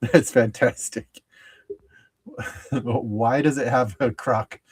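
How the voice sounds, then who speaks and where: A middle-aged man hosts a sports card show, casually chatting while he opens packs. His medium-pitched, slightly rough voice stays fairly even; he's easily amused and chuckles a lot, speaking haltingly with many fillers and restarts and trailing off often.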